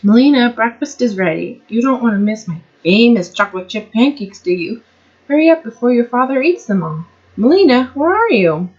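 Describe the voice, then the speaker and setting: A woman's voice: mid-range voice, animated, normal speed, darkish tone, natural voice. A woman voicing a caring, fussy mother who scolds her daughter, in a slightly muffled recording. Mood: fussing.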